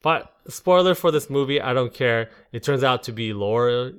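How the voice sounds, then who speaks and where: A man's voice: mid-range voice, lively intonation, normal speed, clean tone. A man hosting a casual movie discussion, rambling with many fillers and restarts.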